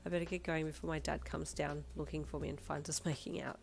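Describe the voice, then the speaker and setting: A woman's voice: fairly low pitch, quick pace, vocal fry. A woman reading a fan fiction audiobook and voicing an upbeat, affectionate teenage girl who teases eagerly. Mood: playful. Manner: bright, eager, teasing. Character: upbeat playful teen girlfriend, teasing and affectionate.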